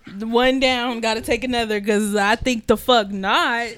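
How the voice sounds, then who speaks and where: Animated young woman telling a story. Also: a little high, normal speed, clean tone. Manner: animated, swearing, acts out quotes. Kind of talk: casual storytelling chat.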